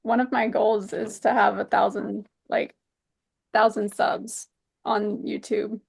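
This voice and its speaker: A woman's voice: medium pitch, takes it slowly, vocal fry, husky. A woman co-hosting a podcast in casual chat, telling stories animatedly and quoting herself and her friends. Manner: animated storytelling, quotes herself and friends, laughs often. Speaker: podcast co-host.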